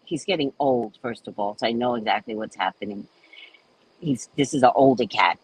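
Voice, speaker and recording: An older New Orleans woman, speaking with the local accent, hosts a live stream, chatting casually and telling animated stories whose tone swings up and down. Her voice is bass-deep and moves at a normal speed. The recording is rough, with slight background noise.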